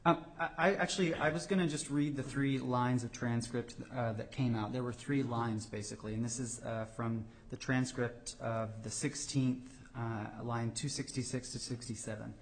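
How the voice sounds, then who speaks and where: A man, a government attorney, answering judges in a courtroom oral argument, often pausing with fillers and restarting his sentences. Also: medium pitch, steady tone. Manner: hesitant, many fillers and restarts.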